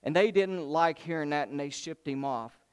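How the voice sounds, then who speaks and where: A man's voice: on the high side, normal speed, smooth. A man preaching a sermon, retelling a Bible story in a casual, colloquial way and acting out the characters' lines.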